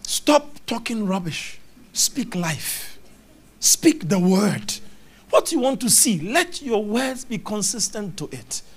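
A man preaching a charismatic sermon, animated, acting out little scenes with mimicked voices and sounds. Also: high-pitched, takes it slowly, husky. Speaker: prophet preaching.

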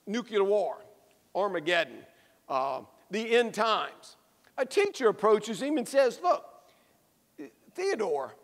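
A man preaching a sermon with a high, carrying voice. He tells his story with lively emphasis and repeats his key phrases. The sound rings out through a large, echoey church. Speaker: pastor.

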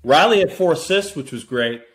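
A man co-hosting a podcast, telling stories in casual chat in an animated way. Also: fairly high pitch, moderate pace. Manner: animated, acts out voices in anecdotes. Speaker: podcast co-host.

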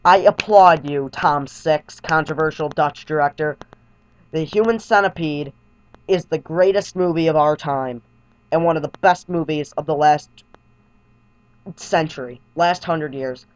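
A man reviewing a movie in a vlog, heaping deadpan, over-the-top praise on it and repeating himself. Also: a little high, a little slow, clean tone. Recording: dull lo-fi home recording.

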